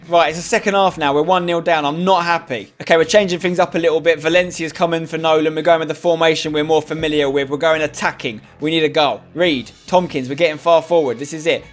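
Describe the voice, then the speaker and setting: A young man hosting and commentating on a football management game, swinging from hopeful to loud frustration. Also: a little high, a little fast, hardly any pauses. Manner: excitable, groans loudly at conceded goals. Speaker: host. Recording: faint music behind.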